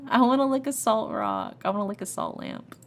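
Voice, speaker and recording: A woman's voice: fairly high pitch, wildly swooping pitch, fairly quick, slight background noise. A young woman streaming a visual novel, reading its text aloud and breaking off with giggly, joking asides, her nose stuffy. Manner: giggly, joking asides between narrated passages. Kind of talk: reading game text aloud with casual commentary. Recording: faint game music behind.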